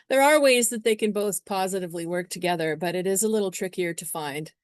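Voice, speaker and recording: A woman's voice: fairly low pitch, dry recording, clean studio sound. A woman astrologer talking casually to her viewers, chatty and meandering, slipping into acted-out little scenes. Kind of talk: casual astrology talk to camera.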